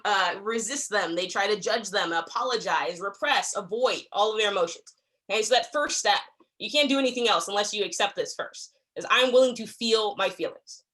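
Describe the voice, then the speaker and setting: Young woman running a staff training, bright voice a bit on the high side, chatty, keeps asking okay?. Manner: conversational, frequent "okay?" check-ins; acts out quoted exchanges. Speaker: workplace trainer.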